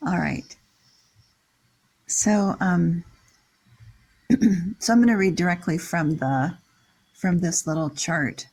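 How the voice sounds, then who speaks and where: An older person leading a scripture class, chanting Sanskrit syllables slowly and explaining verse meter and word meanings in a casual way. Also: mid-range voice, husky, rough recording. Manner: reads out word-by-word glosses in a steady list. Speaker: leader of a scripture reading class.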